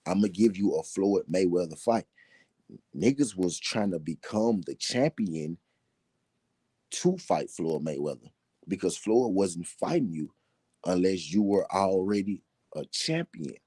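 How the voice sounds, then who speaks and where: Deep, dark-voiced man talking boxing. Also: lively intonation, breathy edge, dry recording. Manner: emphatic, repeats points slowly for effect. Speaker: boxing talk show host. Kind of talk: casual boxing commentary.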